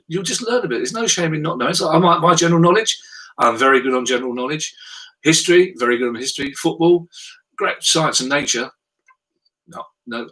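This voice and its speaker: A man's voice: lowish voice, sharp tone, distant mic, low-quality recording. A middle-aged man hosting a charity pub quiz from home, with dry self-mocking banter. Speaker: quiz host. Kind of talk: comic quizmaster patter.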